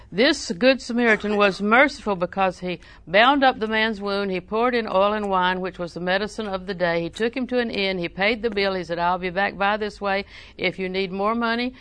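A woman's voice: medium pitch, fairly bright tone, no echo. Folksy older woman preaching a sermon. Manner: folksy storytelling, emphatic repetition.

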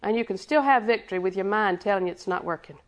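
A woman's voice: mid-range voice, quick pace. A woman preaching a sermon with rhythmic repetition, quizzing her congregation and chuckling between points.

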